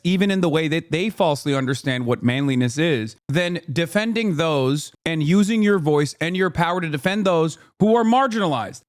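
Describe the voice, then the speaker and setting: Brief ranting thirtysomething male streamer, swears a lot, higher-pitched voice, dry close sound. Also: dry recording. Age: 30s. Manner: profane, ranting, sarcastic. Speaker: streamer reacting to news clips. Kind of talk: heated political commentary.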